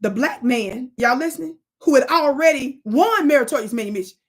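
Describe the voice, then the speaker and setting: A woman hosting a live stream, reading history aloud and calling out to her chat in an animated, preachy way. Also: sits high, brisk. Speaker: livestream host.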